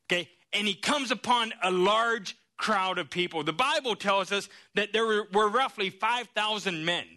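A man preaching a sermon, telling Bible stories in an animated way and checking in with the congregation as he goes. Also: sits high, normal speed, hardly any pauses. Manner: animated storytelling with frequent "okay?" and "right?" check-ins.

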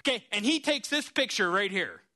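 A man preaching a sermon, telling a story in an animated, lively way. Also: high voice, a little fast.

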